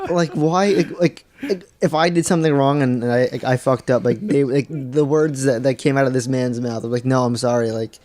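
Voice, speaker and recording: Telling a story on a casual podcast he co-hosts, a man swears plenty and acts out the dialogue with animation. His voice is mid-range and his pace moderate.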